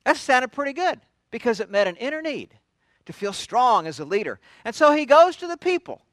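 A man's voice: extremely high pitch, big pitch swings, fairly quick, a bit bright, no echo. A man preaching a sermon, retelling scripture in a conversational storytelling way with frequent restarts. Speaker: pastor.

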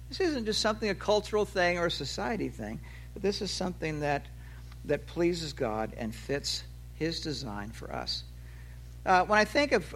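A man in his sixties delivers a sermon in a high, ringing voice. He talks with animation, lifting his pitch for quoted lines and letting his phrases trail off low and quiet. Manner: animated preaching, voice rising for acted quotes and dropping low at phrase ends. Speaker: pastor.

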